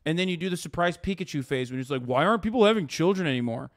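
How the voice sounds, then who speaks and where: A man's voice: fairly high pitch, animated, very fast, no room sound. Sarcastic sweary guy streaming, dry close sound, talks blunt. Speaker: streamer host. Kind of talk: casual reaction-stream chat.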